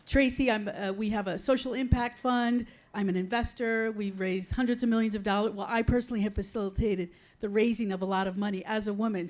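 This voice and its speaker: A woman investor speaks up from the conference audience in an emphatic, enthusiastic way. Her voice is a little high, and she pushes her points with energy.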